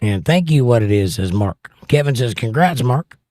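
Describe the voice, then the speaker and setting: A middle-aged man hosts a livestream, reading viewer comments aloud and tossing in wry jokes between them. His voice sits at an ordinary pitch and is heard close and dry. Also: expressive, normal speed, darkish tone, dry recording. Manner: wry, joking asides between read-outs. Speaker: livestream host.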